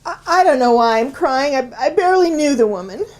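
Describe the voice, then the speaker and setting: A woman's voice: high voice, expressive, brisk, a little mellow. An actress playing a flustered, stammering small-town woman in a comic radio soap.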